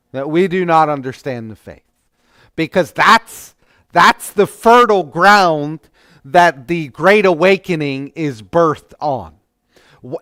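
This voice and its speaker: Male church class teacher, high and unhurried, smooth clear voice, close dry mic, restarts sentences. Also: fairly bright tone, no echo. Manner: conversational, with stammered restarts. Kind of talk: adult church class lecture.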